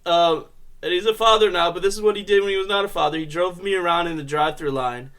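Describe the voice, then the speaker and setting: A young adult man hosts a casual comedy podcast, drifting through profane, rambling stories. His voice sits slightly high. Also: fast talker, fairly bright tone, smooth. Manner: rambling, profane storytelling with laughs. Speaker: podcast host.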